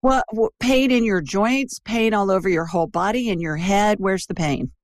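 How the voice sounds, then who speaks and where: A woman's voice: mid-range voice, normal speed, dry recording, clean studio sound. A woman from Ohio hosting a call-in show, chatty and digressive, talking to a caller. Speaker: intuitive show host. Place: Birmingham.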